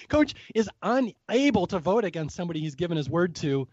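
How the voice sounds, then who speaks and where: A man's voice: high-pitched, brisk, few pauses, dry recording. A man hosting a podcast, chatting casually and animatedly, acting out quotes as he recaps a show. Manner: animated, acts out quotes, swears and laughs. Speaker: podcast host. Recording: dull lo-fi audio.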